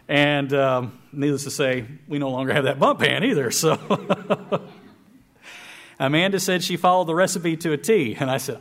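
Folksy male preacher telling a story. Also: on the high side. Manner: folksy, self-deprecating, animated storyteller. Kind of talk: storytelling sermon. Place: church hall with congregation.

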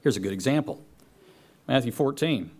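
A man's voice: medium pitch, animated, normal speed, darkish tone. A man preaching a sermon, reading scripture aloud and repeating key phrases for emphasis. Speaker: pastor.

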